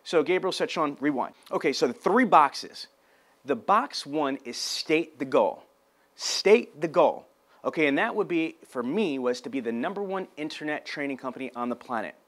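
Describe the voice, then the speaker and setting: Guy giving a pumped up money-coaching talk, kinda high voice, punchy. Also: moderate pace. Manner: loud, emphatic and animated, acting out quoted dialogue. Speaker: sales trainer. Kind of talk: motivational talk to camera.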